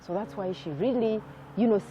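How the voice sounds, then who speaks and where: A woman guest telling her life story in an interview, soft-spoken and reflective, with many fillers. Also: mid-range voice, a little fast. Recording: dull lo-fi recording with faint music.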